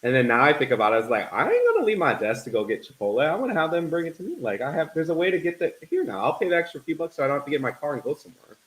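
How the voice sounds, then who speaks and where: Quick-talking relaxed man co-hosting a stream. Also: on the high side, poor audio. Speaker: live stream co-host. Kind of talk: casual chat, reading viewer comments. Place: home kitchen.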